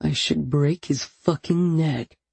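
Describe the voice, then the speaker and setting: Woman doing an angry biker guy, low seething voice, husky, dry. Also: normal speed, mellow, no room sound. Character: brooding, angry adult biker man.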